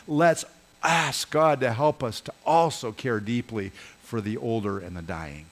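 A man preaching a sermon as pastor, earnest, swelling and dropping his voice for emphasis and speaking straight to his congregation. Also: normal speed. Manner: earnest, rises and falls in pitch and volume for emphasis; addresses congregation directly, asks them to join in.

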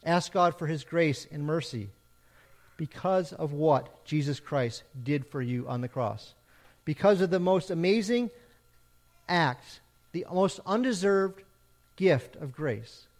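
A man's voice: fairly high pitch, lively intonation, takes it slowly, darkish tone. A man preaching a sermon as pastor, emphatic, with rising and falling repeated questions.

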